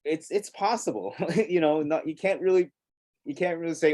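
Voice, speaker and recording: A man's voice: on the high side, animated, brisk, warm tone. Chatty male TV review co-host. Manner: chatty and emphatic, laughs often. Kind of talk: casual review chat.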